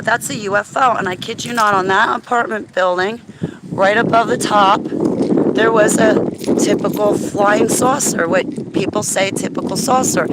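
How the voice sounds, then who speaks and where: A woman telling a story to her viewers in an excitable, chatty way while walking outdoors on a city street, often checking in with "right?". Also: medium pitch, very noisy. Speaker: vlogger. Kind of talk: casual storytelling to camera.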